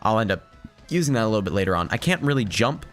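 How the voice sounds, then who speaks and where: Chatty hoarse man playing a game. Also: on the low side, big pitch swings, fast talker, soft background music. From Finland. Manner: chatty, rambling, laughs often. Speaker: let's play host. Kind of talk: gameplay commentary.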